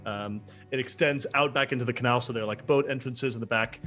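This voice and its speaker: A man running a tabletop role-playing game, describing scenes in a relaxed, rambling way. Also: medium pitch, quick pace, soft background music. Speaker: game master.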